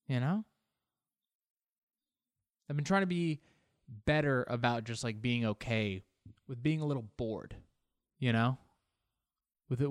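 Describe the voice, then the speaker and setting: A man talks in a loose, meandering monologue, poking fun at himself and acting out little back-and-forth exchanges. His voice sits at an ordinary middle pitch. The recording is dry and close, with no room sound around it. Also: dry recording. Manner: rambling, self-mocking, acts out little quoted exchanges. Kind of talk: casual monologue.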